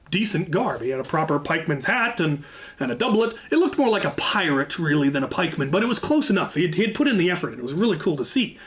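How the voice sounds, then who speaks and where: A man with a somewhat high-pitched voice tells a story from his past to his channel's audience. His delivery is casual and lively, wandering into asides as he goes. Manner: lively anecdotal retelling with frequent asides. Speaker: channel host telling a story.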